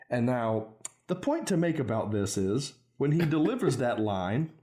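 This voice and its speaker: A man's voice: mid-range voice, sing-song, a little slow, mellow. A young man casually recapping a bad movie with sarcastic, swearing commentary. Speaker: podcast host recapping a movie. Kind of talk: casual chat.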